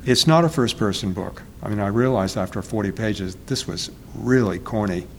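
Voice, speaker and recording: Author interviewee, male, lowish voice, thoughtful and halting, faint background noise. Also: vocal fry. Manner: halting, searching for words, self-correcting. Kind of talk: reflective interview talk.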